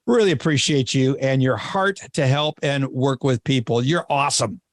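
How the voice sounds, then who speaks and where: A man's voice: mid-range voice, normal speed, no room sound, clean studio sound. A man from Minnesota hosting a podcast interview, chatty and enthusiastic. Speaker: podcast host. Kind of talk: casual interview chat.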